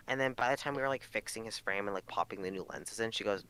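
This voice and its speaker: A man's voice: on the low side, fast talker, hardly any pauses, pushed and bright, smooth. A young man co-hosting a podcast, telling rambling work stories in casual chat, full of fillers and swearing. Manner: rambling storytelling, heavy swearing, lots of fillers. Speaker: podcast co-host.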